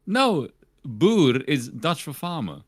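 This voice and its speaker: A man from South Africa in casual live-stream chat, blunt and quick to laugh. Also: on the high side, sing-song, no room sound, studio quality.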